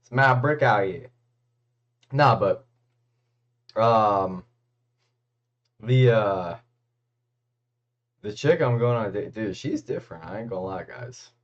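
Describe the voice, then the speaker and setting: A man livestreams in an unhurried, low, loose drawl. He swears casually and mutters asides to his viewers. His voice comes through a muffled, lo-fi mic. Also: animated. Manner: laid-back, crude, mumbling asides to chat. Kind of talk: casual stream chat.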